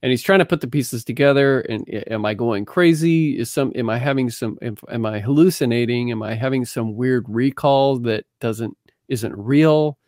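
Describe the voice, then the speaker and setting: A man co-hosting a casual podcast, speaking in a halting, measured way and often repeating words as he starts. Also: medium pitch, a little mellow, no room sound, clean studio sound. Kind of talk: casual chat, reading aloud from a book.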